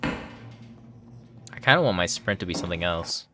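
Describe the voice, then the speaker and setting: A man's voice: low voice, lively intonation, measured pace, background noise. A man playing through a horror game, talking to the characters on screen, yelping and swearing at each scare. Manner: jumpy, yelps and swears, talks to the game characters. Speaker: let's play gamer.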